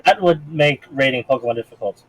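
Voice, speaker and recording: Someone in casual group chat on a voice call, with measured, slightly formal phrasing. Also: mid-range voice, animated, crowd noise, poor audio. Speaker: stream co-host.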